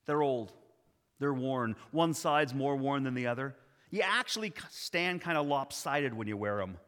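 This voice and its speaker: Jesus as a preacher plays him, slow and gentle but firm, bright voice ringing in a big hall. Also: male voice, mid-range voice, animated. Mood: tender. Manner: slow, deliberate, tender with bursts of authority. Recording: long hall reverb.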